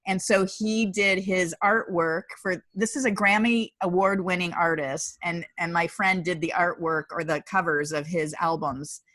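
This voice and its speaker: A woman co-hosting a casual chat, telling a story in an animated way and quoting what people said. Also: fairly low pitch, moderate pace, few pauses, no echo. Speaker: co-host.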